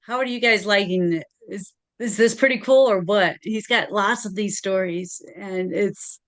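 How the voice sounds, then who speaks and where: A woman's voice: mid-range voice, measured pace. A woman hosting an interview, chiming in with short, encouraging remarks. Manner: brief, encouraging backchannels. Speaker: host. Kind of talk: casual interview.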